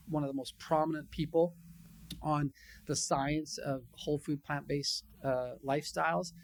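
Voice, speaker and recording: A man, a psychologist, giving a conference training session in a conversational, animated way, acting out quotes from his patients. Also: fairly high pitch, slight background noise. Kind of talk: conference lecture.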